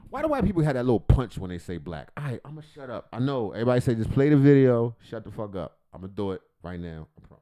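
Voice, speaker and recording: A man's voice: medium pitch, big pitch swings, fast talker, hardly any pauses, dark tone. A man hosting a comedic livestream reaction, rambling, swearing and joking. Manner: rambling, profane, joking, self-interrupting. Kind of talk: casual comedic reaction commentary.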